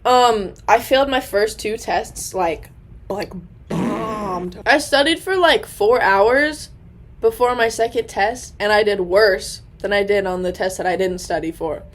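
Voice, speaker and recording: A nineteen-year-old woman recording a casual diary vlog at home on her laptop. She rambles in a chatty, self-deprecating way, full of fillers and quick asides. Her voice sits at an ordinary middle pitch for a woman. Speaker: college student vlogger. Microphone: laptop camera.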